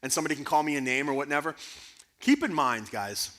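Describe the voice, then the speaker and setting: A man speaking as guest speaker at a church conference, answering audience questions in an earnest, animated way. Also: on the high side, quick pace. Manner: earnest, animated, rising to emphatic bursts. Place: church sanctuary.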